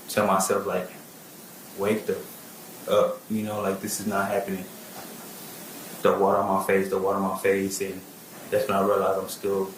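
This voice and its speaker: Halting low-voiced man testifying. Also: a bit bright, reverberant, a little hiss or hum, low-quality recording. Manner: halting, repeats words, many fillers like "like" and "um". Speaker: witness testifying in court. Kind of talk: plain spoken testimony.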